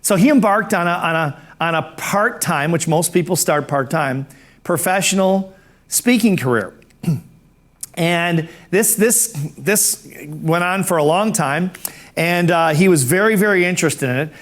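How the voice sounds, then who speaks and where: A man's voice: high voice, lively intonation, measured pace, a bit bright. A middle-aged man teaching a speaking course, telling anecdotes in a conversational way that often repeats words and restarts phrases.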